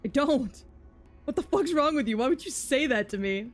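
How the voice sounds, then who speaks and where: A woman's voice: high voice, animated, normal speed, faint music behind. A young woman streaming live, chatting casually while she plays. She sounds exasperated, swearing and blurting out frustrated outbursts.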